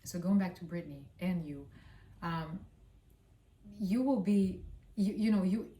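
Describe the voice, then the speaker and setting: A woman's voice: lowish voice, measured pace, dark tone. A woman with a Russian accent giving a casual astrology reading, rambling with fillers and blunt swearing. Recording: roomy sound, distant from mic.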